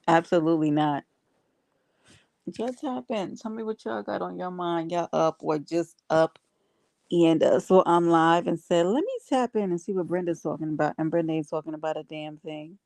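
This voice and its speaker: A woman's voice: lowish voice, vocal fry, a little mellow, dry recording. A woman hosting a casual livestream, chatting with viewers and reading their comments aloud. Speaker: livestream host.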